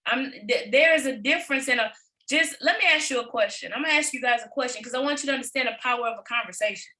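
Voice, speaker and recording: High bright-voiced woman coach. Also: quick pace, poor audio. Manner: repetitive and emphatic, peppered with rhetorical questions. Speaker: business coach presenting to a team. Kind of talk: motivational training talk.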